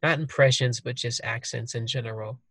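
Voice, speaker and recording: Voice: medium pitch, fairly even intonation, brisk, a bit bright, breathy edge, dry recording. Laid-back voice in casual chat.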